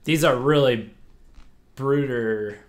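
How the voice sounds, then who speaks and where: A young man hosting a music listening livestream, sleep-deprived and chatting casually, stumbling through fillers and restarts. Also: medium pitch. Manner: halting, full of fillers and restarts. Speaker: livestream host.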